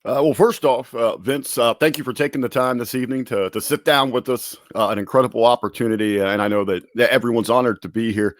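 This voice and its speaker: A man's voice: medium pitch, fairly even intonation, fast talker, few pauses, no room sound, clean studio sound. A young man with a resonant radio voice, asking long, polite questions as a panel questioner.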